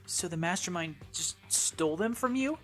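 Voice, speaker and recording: A woman's voice: fairly low pitch, animated, normal speed, soft background music, natural voice. A woman reading the lines of an earnest, anxious teenage boy student who keeps asking questions. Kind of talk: reading game dialogue aloud.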